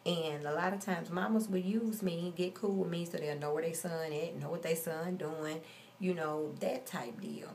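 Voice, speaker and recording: A woman's voice: lowish voice, fairly even intonation, moderate pace, darkish tone, a little hiss or hum. A woman in her forties telling a story in a casual, blunt and profane rant. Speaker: vlogger.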